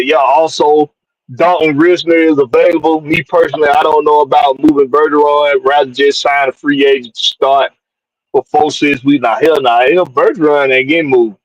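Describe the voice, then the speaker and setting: A man's voice: fairly high pitch, fairly even intonation, moderate pace, dry recording, lo-fi sound. A man from hosts a casual live-stream sports show, loose and jokey, reading out viewers and tossing in "man" all the time. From Georgia, USA. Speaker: podcast host.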